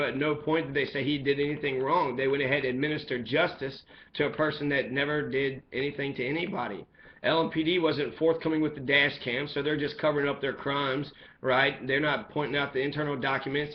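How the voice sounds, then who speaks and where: A man's voice: on the high side, dull audio. A man giving an angry, profane monologue as a commentator, heated and ranting throughout.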